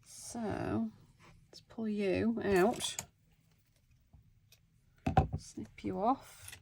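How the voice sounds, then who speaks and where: A woman's voice: mid-range voice, fairly even intonation, very slow, creaky, a little mellow, slight background noise. A woman in her thirties, chatting casually and self-deprecatingly to viewers as she works on a craft project at home. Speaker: craft vlogger. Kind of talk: casual craft-along chat.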